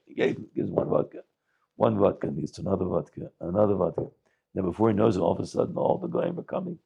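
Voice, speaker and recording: A rabbi giving a talk, telling a story in animated English sprinkled with Yiddish words and frequent restarts. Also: male voice, deep voice, fast, vocal fry, slightly rough.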